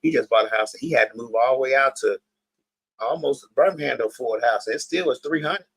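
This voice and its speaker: A man co-hosting a casual podcast, speaking at an ordinary middle pitch with a bright, gravelly, slightly raspy tone. The sound is dry and close. He chimes in often with quick agreements and stretches into easygoing explanations. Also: dry recording, rough recording. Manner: frequent short backchannel agreements, casual explanations. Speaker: podcast co-host.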